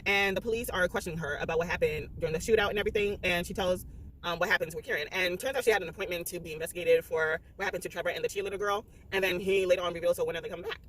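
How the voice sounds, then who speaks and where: A woman rattles through a spoiler book review at a quick clip, her voice slightly husky and breathy. She is blunt and profane, and she keeps acting out her own reactions in sudden high exclaims. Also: fairly bright tone. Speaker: book vlogger.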